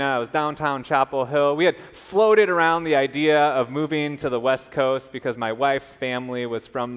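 Man, pastor, storytelling sermon, animated, slightly high voice, long hall reverb. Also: clear, resonant tone. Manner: animated, quoting others in lively voices.

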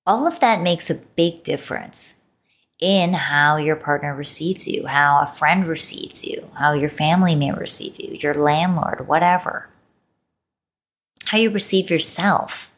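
Expressive woman podcast host, lowish voice. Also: measured pace. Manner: expressive, playful, stretches words for emphasis. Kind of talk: solo podcast talk.

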